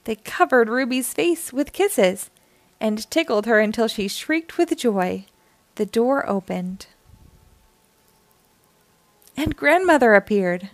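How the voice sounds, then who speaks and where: A woman reads a children's picture book aloud as a storytime host, taking her time with each phrase. Her voice is fairly high and very melodic, rising and falling expressively, and the recording is close and dry. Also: lively intonation, measured pace, no room sound.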